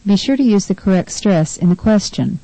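A woman narrating a scripted language lesson, giving clear, measured instructions. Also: mid-range voice, animated, mellow, dry recording, rough recording.

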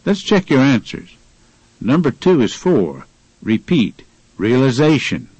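A man narrating a language-lab lesson, reading instructions and words aloud with slow, deliberate enunciation. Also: mid-range voice, wildly swooping pitch, darkish tone, breathy edge, no echo, low-quality recording.

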